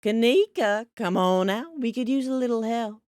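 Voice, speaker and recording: A woman voicing a polite, soft-spoken older mother with a put-on Southern accent while reading a game aloud. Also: on the high side, expressive, normal speed, no room sound, pitched above the performer's own voice, natural voice. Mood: genteel. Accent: put-on American Southern. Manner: polite, gently concerned, lilting. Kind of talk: reading a visual novel aloud, doing voices.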